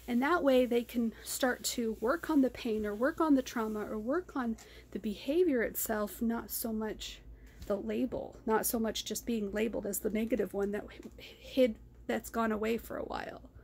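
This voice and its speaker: A woman's voice: a little high, moderate pace, a little mellow, a little hiss or hum. A woman talking in a raw personal vlog, rambling and ranting, often repeating herself. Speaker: vlogger. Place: car.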